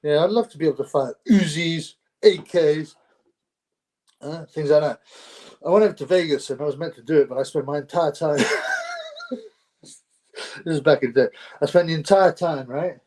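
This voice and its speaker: A man's voice: on the high side, normal speed, long pauses, a little mellow. A young man hosting a casual solo livestream, rambling in street slang and laughing often. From United Kingdom. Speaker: livestream host.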